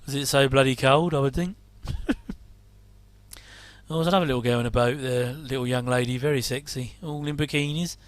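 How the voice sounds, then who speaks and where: A man's voice: medium pitch, fairly even intonation, fairly quick, no room sound. A middle-aged man giving rambling casual commentary while watching an old TV episode, with wry asides and chuckles.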